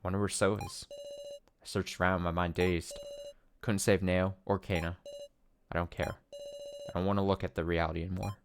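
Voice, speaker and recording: A man's voice: deep voice, little pitch movement, normal speed, long pauses, noisy background. A man voicing a dazed, guilt-ridden young woman from a game, narrating her thoughts in a subdued, inward way.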